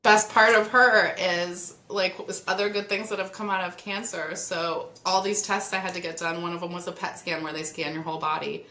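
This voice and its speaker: A woman guest on a podcast, casually telling a personal story in an animated way, often laughing. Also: on the low side, a little fast, few pauses. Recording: echoey room.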